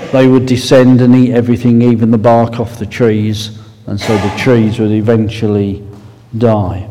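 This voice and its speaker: Slow, dark-voiced Essex man preaching. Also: mid-range voice, slight background noise. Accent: Essex English. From Essex, England. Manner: unhurried, conversational, with fillers and asides. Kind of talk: sermon with prayer. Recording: long reverb in a large hall.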